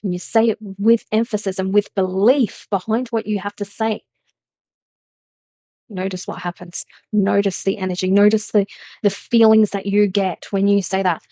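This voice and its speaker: Woman doing a tarot reading, earnest n emphatic, mid pitch, dry close sound. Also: fairly even intonation, normal speed, dark tone, no echo. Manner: earnest, emphatic, repeats phrases. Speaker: tarot reader. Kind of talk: spiritual reading to camera.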